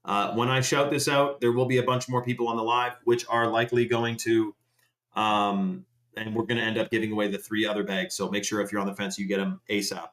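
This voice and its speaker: A man's voice: on the low side, flat delivery, fairly quick, a bit bright. A man hosting a live stream, ranting casually in a rambling, profane way. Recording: roomy echoey room.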